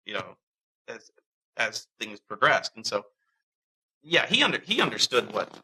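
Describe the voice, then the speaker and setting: Man, casual storytelling, animated, bright, acts out quotes. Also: on the low side, a little slow, breathy edge, low-quality recording. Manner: animated, acts out quoted voices, many restarts. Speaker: interviewee.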